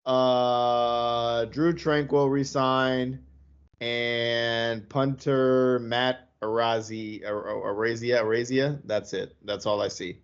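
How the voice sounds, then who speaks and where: A man's voice: medium pitch, level tone, slow pace, clear, resonant tone, highs cut off. A man co-hosting a casual sports podcast, blunt and profane, rattling off news in a list. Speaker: podcast co-host.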